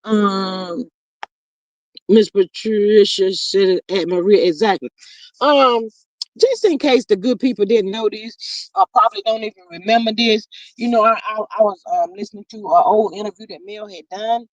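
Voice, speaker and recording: A livestream host in a casual gossip chat, reading out viewers' comments and reacting in a sassy, animated way, often saying "child". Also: mid-range voice, normal speed, no echo, dull audio.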